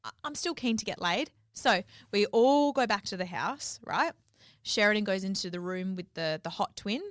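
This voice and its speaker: A woman's voice: medium pitch, animated, normal speed, no echo, studio quality. A young woman, co-hosting a podcast and telling a story in casual chat, swearing freely and acting out quotes. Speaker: podcast co-host.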